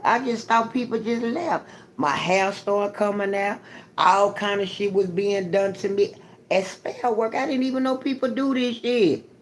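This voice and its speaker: A woman's voice: fairly low pitch, a little hiss or hum. A woman on a live stream giving an emphatic, profane, preaching testimony and greeting her chat viewers by name. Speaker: livestreamer.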